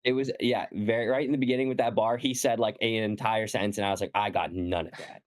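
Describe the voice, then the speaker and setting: A man chatting casually on a podcast about a movie, pausing often with "um". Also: mid-range voice, fairly even intonation. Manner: hesitant, many "um"s, easygoing. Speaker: podcast co-host. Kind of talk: casual chat.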